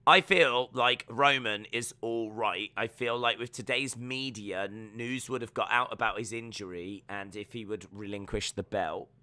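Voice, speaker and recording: A man's voice: lowish voice, fairly even intonation, normal speed, few pauses, pushed and bright, no echo. A young man streaming a live wrestling watch-along, joking, rambling and reading viewer comments aloud.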